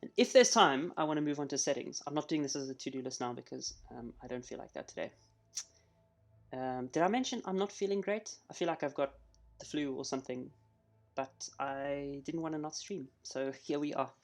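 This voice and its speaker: A man's voice: mid-range voice, brisk. Chatty man live-coding on stream. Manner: chatty, thinks out loud while working. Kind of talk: casual live coding walkthrough.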